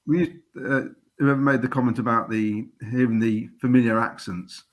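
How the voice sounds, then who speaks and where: A man's voice: mid-range voice, steady tone, normal speed. A man talking as a guest on a football fan show, a chatty storyteller with many fillers. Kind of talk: casual football chat.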